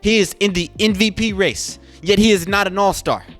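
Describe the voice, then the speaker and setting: A man rants in a casual podcast style, his voice sitting a little high. He talks with indignant emphasis and keeps firing rhetorical questions. Faint music plays underneath. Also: moderate pace, fairly bright tone. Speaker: podcast host. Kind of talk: casual sports rant.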